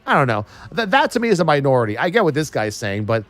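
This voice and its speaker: A man's voice: a little high, big pitch swings, fast, fairly bright tone, no echo. Profane sarcastic man streaming. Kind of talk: casual live-stream chat.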